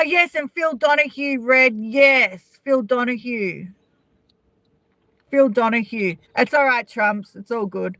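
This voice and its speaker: Unhurried chatty Australian woman. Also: on the high side, bright, forceful tone, dry recording. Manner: chatty, gossipy, answers viewers' comments by name. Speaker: vlogger chatting with live viewers. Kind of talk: casual live-stream chat.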